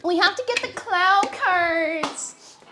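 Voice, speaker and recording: A woman putting on a gushing, dramatic young American woman with a high, over-the-top American accent. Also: takes it slowly, noisy background.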